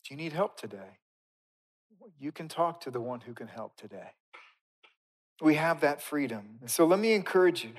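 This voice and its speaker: A man preaching a sermon in a conversational, emphatic way, swinging from loud bursts down to quiet, slow stresses. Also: fairly high pitch, expressive. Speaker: pastor.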